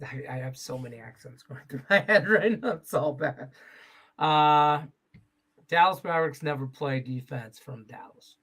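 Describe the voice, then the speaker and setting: A man's voice: a little high, normal speed, fairly bright tone. A man hosting a casual sports betting show, running through picks with loose, joking chatter and casual swearing.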